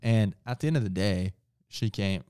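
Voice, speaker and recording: A man's voice: fairly low pitch, animated, moderate pace, mellow, smooth, dry recording, studio quality. A man co-hosting a casual faith talk, speaking earnestly and often stopping to restart and correct his own words. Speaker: podcast co-host.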